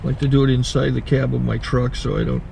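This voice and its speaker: A man casually explaining a step-by-step setup from inside his truck cab, in a relaxed, halting way. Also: mid-range voice, vocal fry, a little hiss or hum, rough recording. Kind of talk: casual how-to video.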